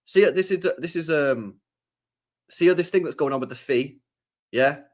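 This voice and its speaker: A man's voice: fairly high pitch, unhurried. A man hosting a live stream, ranting about football in a repetitive, slangy, sweary way. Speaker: streamer host.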